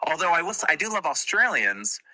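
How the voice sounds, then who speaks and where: A man's voice: fairly high pitch, big pitch swings, a little fast, pushed and bright, poor audio. A middle-aged male comedian from near Boston chatting on a podcast in a wry, self-deprecating way. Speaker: guest comedian. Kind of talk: casual podcast chat.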